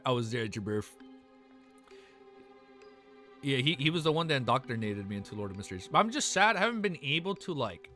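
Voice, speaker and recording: A young man streaming live who chats casually with viewers. He is excitable, peppers his talk with "bro" and "man", and turns earnest and consoling when things get serious. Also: a little high. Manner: excitable, talks to chat with constant "bro" and "man". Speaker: livestreamer.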